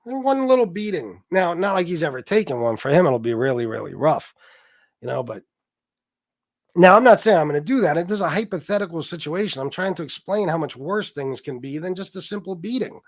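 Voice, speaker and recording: A man's voice: a little high, sing-song, a little fast, no echo. A man hosting a livestream, ranting casually in a profane, boastful, taunting way. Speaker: livestream host.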